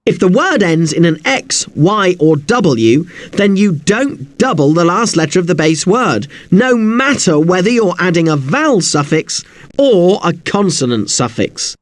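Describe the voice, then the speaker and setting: A man teaching an English spelling lesson, spelling words out slowly letter by letter. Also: high-pitched, sing-song, no room sound.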